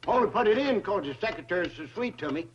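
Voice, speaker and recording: An actor playing a folksy, plain-spoken old hillbilly with a rural Southern drawl, heard on an old sitcom soundtrack. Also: male voice, sits high, expressive, fast talker. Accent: American Southern rural. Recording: dull old TV soundtrack with loud hiss.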